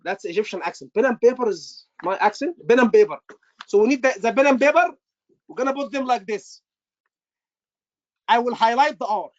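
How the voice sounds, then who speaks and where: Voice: mid-range voice, expressive, normal speed, pauses often, highs cut off. Repetitive instructor quizzing a live class. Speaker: medical exam instructor.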